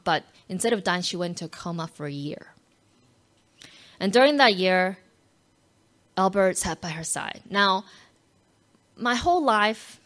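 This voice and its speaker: A woman telling a personal faith story to an audience, animated and emotional, acting out quotes and dropping to a near-whisper at tender moments. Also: fairly low pitch. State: moved close to tears at times.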